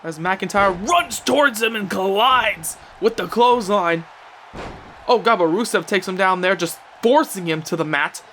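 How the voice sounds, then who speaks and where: A young man giving excitable play-by-play commentary on a wrestling video game, breaking into shouts at big moves. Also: high-pitched, moderate pace, slight background noise.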